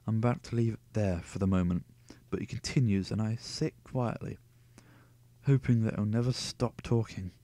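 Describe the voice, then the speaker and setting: Man, lower voice, home reader of a novel, sardonic asides between passages. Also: fairly even intonation, moderate pace, warm tone, no echo. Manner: sarcastic, cuts in with profane asides. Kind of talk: reading a novel aloud with jokey asides.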